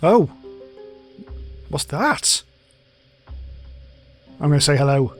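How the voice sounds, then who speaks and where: A man's voice: a little high, expressive, moderate pace, faint music behind. Chatty man playing a game. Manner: chatty, giggly, reads game text aloud. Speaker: let's play host. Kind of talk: casual gameplay commentary.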